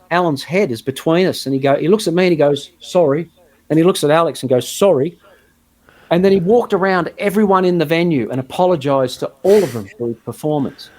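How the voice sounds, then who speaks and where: A man chatting as a guest guitarist in an interview, telling a long anecdote in a relaxed, rambling way. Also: on the high side. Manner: chatty anecdotal storyteller, frequent restarts. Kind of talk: casual storytelling interview.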